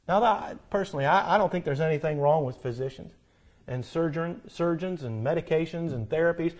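A man preaching a sermon, swinging between loud emphatic passages and hushed, earnest ones. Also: on the high side, brisk. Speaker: pastor.

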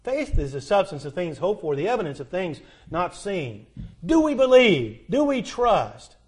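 A man's voice: high-pitched, very animated, normal speed, slightly rough. A middle-aged man preaching a sermon as pastor, building to emphatic peaks and asking the congregation repeated questions.

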